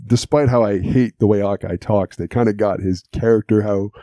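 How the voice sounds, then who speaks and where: A man's voice: on the low side, steady tone, moderate pace, warm tone, no echo, clean studio sound. A man co-hosting an audio podcast, chatting and laughing as he recaps a cartoon episode. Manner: chatty, amused, laughs often while recapping. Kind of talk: casual chat.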